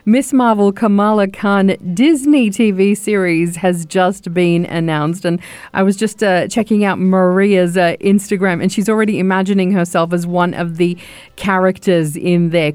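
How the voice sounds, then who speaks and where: A woman hosting a radio show, asking quick, upbeat questions and teasing the next segment. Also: medium pitch, steady tone, a little mellow, clear, resonant tone, dry recording. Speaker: radio host.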